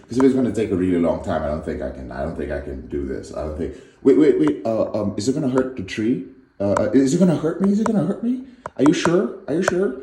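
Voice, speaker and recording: A man voicing a fussy, panicky unicorn stuck in a tree, stammering and pleading in a high, whiny, frantic voice. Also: reverberant, background noise.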